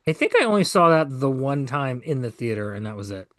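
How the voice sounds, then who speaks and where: Rambling man with an expressive voice. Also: mid-range voice, brisk, no room sound, clean studio sound. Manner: rambling, builds to mock outrage. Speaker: podcast co-host. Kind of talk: casual chat.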